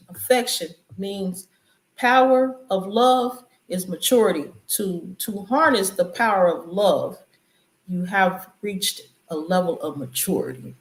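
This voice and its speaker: Woman, AAVE, casual spiritual commentary, mid pitch, roomy echo. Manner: loose, conversational, preachy riffs. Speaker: channel host. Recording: echoey room.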